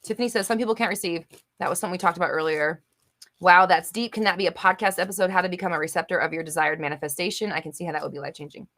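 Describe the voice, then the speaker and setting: Rapid-fire and on the low side with a fairly bright tone, this young adult woman is hosting a live manifestation Q&A. She reads out viewer comments and responds in a blunt, emphatic style, swearing casually and using lots of fillers.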